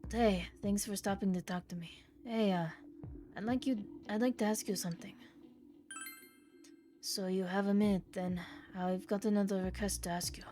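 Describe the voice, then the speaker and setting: A woman voicing a polite, soft-spoken townsman from a game, reading his lines in a hushed, breathy way. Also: mid-range voice, fairly even intonation, moderate pace, soft background music, lightly acted. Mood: apologetic.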